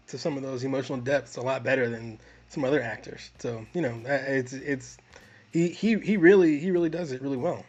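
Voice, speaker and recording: A man co-hosting a film review podcast, talking in an animated way with frequent laughs and restarts. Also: medium pitch, dull audio. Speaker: podcast co-host. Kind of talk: casual film review chat.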